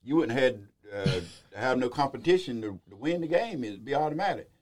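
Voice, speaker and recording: A man with a medium-pitched voice speaks up in a small group discussion. His talk is casual and affirming, and he makes his point with simple everyday comparisons. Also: big pitch swings, a little fast. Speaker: group member. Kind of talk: casual chat.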